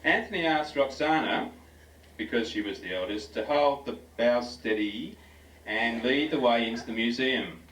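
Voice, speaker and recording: A man's voice: mid-range voice, moderate pace, fairly bright tone. A man reading a humorous story aloud with an amused, chuckling delivery as a speaker at a school farewell, on a ferry. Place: function room aboard a ferry. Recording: echoey, distant, noisy venue.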